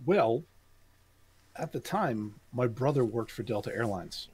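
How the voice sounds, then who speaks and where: Husky-voiced man ranting on a podcast. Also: medium pitch, animated, measured pace, darkish tone. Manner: opinionated, emphatic, stumbles over his words. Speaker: podcast co-host. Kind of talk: casual chat.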